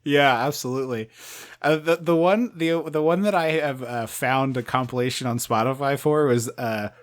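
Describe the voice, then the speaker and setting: A woman co-hosting a movie review podcast, chatting casually with animated, laughing asides and some swearing. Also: extremely low pitch, normal speed. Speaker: podcast co-host.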